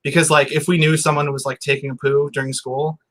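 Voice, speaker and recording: A man's voice: fairly high pitch, flat delivery, fast talker, fairly bright tone. A man in his thirties, a guest author chatting casually with a loose, filler-heavy way of talking. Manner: laid-back, full of "like" and fillers. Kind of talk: casual chat.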